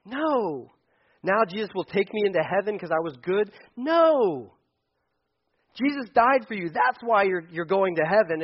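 High-voiced male pastor preaching animatedly. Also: lo-fi sound. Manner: animated, acts out voices in quotes, frequent restarts. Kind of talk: sermon. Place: church sanctuary.

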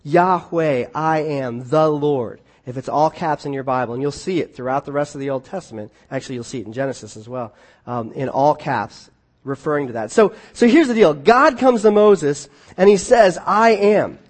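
A man preaching a conversational sermon, often restarting his phrases and swinging between quiet asides and emphatic points. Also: on the high side, lively intonation, moderate pace. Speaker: pastor.

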